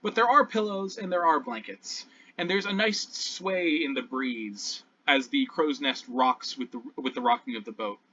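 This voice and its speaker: A man's voice: on the high side, moderate pace, pushed and bright. A man narrating scenes as game master of an online tabletop game, describing things at length with fillers and restarts. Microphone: online voice call. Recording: distant, dull lo-fi call audio.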